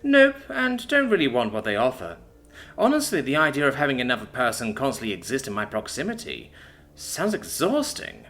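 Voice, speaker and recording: A man's voice: medium pitch, wildly swooping pitch, brisk, a bit bright, soft background music, pitched above the performer's own voice. A man voicing a seasoned female soldier, matter-of-fact and wry, sometimes stern. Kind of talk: audiobook character voice.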